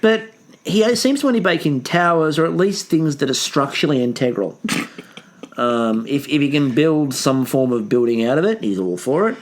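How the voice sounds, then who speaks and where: A man's voice: on the high side, normal speed. A man co-hosting a podcast in casual, joking chat. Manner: joking, lively. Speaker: podcast co-host.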